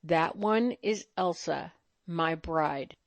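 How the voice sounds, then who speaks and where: A man's voice: on the high side, takes it slowly, creaky, dry recording. A woman voicing a noble knight who speaks firmly and protectively in archaic speech. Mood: commanding. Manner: firm, commanding archaic speech.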